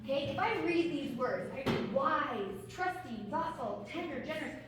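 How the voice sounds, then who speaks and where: High-voiced woman coaching kids from afar. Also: normal speed. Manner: animated and encouraging, asks the audience questions. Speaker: theater and vocal coach. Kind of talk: talk to a group of kids. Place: room full of kids, heard from far off. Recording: echoey room, distant mic, background noise.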